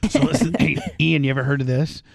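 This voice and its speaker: A man hosting a podcast, telling a story in a loose, profane, animated way and acting out the quotes. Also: a little high, fast, gravelly. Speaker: podcast host. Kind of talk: casual storytelling chat.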